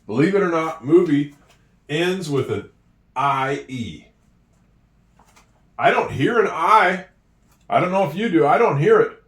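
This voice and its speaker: Male teacher at a board, slightly high voice, recorded from a distance in an echoey room. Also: expressive, a bit bright. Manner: slow, encouraging, with drawn-out words. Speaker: English teacher. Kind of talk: handwriting and spelling lesson. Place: room with a whiteboard.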